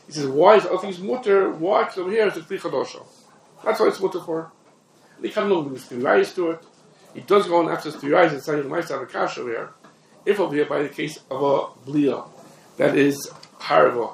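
A man's voice: a little high, creaky. A man teaching a text-study class on religious law, rambling through his points and repeating and restarting phrases. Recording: echoey room, distant mic, faint background noise.

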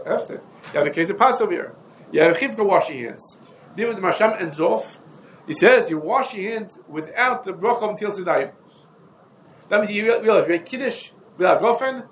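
A man giving a halachic lecture, running through rabbinic sources in quick succession and posing questions to his listeners. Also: high voice, slight background noise, low-quality recording. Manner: explains rapidly, listing rabbinic sources and quizzing listeners. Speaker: Torah teacher.

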